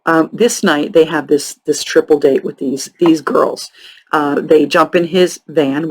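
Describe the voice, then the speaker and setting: A woman's voice: deep voice, poor audio. Sarcastic, chatty woman telling true crime. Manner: chatty, profane and sarcastic asides; halting, many ums and restarts. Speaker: true crime podcast host. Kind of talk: casual true crime storytelling.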